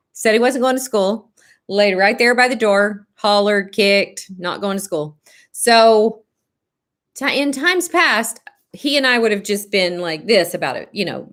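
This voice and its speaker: Middle-aged woman vlogger, slightly high pitch, chatty storyteller on a casual live stream. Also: a bit bright. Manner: chatty storytelling with quoted dialogue. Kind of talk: casual live video chat.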